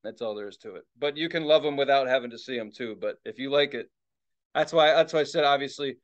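A middle-aged man co-hosting a podcast in casual chat, excitable and rambling, swearing often and restarting his sentences. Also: medium pitch, fast. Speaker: podcast co-host. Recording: dull lo-fi sound.

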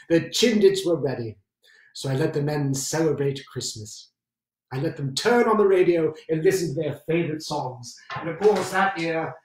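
A zealous, excitable British WWII general , played by a man in a one-man stage show, who hammers his points home by repeating them. His voice sits fairly high, and the theatrical monologue comes from a distant mic in a roomy space. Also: close to an everyday voice.

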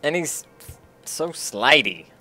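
A man co-hosting a let's play in casual chat, teasing his partner and shouting tips at her mistakes. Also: a little high, big pitch swings, slow, faint music behind.

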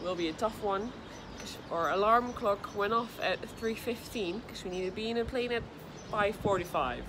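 A woman's voice: medium pitch, moderate pace, background noise. A young woman vlogging about her racing in a casual, chatty, giggly way; English is not her first language. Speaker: vlogger and racer. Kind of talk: casual vlog chat. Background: loud music.

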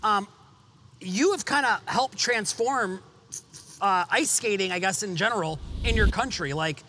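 A man's voice: high voice, unhurried, sharp tone, slight background noise. A man co-hosting a podcast, asking the guest curious, direct questions. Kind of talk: casual podcast chat.

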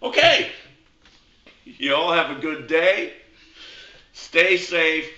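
A man's voice: a little high, slow, pushed and bright. A man hosting a casual show, chatting and telling a joke with fillers and jokey asides. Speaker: host. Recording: roomy, dull lo-fi sound.

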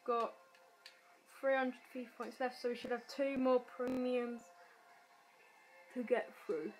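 A woman's voice: on the high side, level tone, a little slow, soft background music, rough recording. A woman giving casual, self-deprecating commentary while playing a football video game, often muttering to herself. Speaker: gaming YouTuber.

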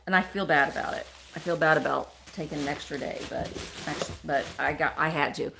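A woman with a deep, creaky, sharp-toned voice talks a little fast while live streaming casually from home. She opens mail, gushes over the items, greets viewers by name and reads out their comments, with a little hiss or hum audible.

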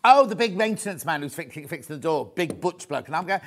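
Excitable man selling on live TV. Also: sits high, quick pace, few pauses. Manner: excitable, chatty, loud. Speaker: shopping channel presenter. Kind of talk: live TV sales pitch. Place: TV studio.

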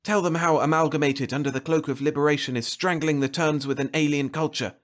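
A man's voice: medium pitch, moderate pace, a bit bright, breathy edge, pitched above the performer's own voice. A man voicing an accusing telepathic voice in a raised, insistent tone. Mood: commanding. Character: accusing telepathic voice, relentless and commanding.

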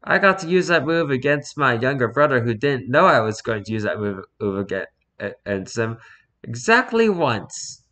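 Man, bright forceful tone, casual reader of online posts, quiet side comments. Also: mid-range voice, sing-song, moderate pace. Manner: reads posts with quiet muttered asides. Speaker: host reading social media posts. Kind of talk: casual reading aloud.

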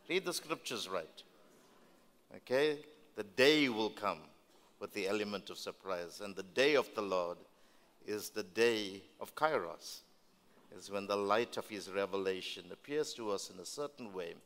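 A man's voice: on the low side, a bit bright. A man leading a ministry school session, preaching emphatically and repeating phrases to the crowd. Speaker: pastor hosting a ministry school. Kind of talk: preaching welcome address. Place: large church hall. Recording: long hall reverb.

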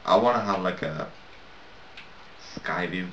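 A man's voice: deep voice, unhurried, sharp tone, slight background noise. A man giving casual let's-play commentary while building, rambling, self-mocking and swearing a lot. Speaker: gaming video maker. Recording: roomy, distant, dull, lo-fi mic.

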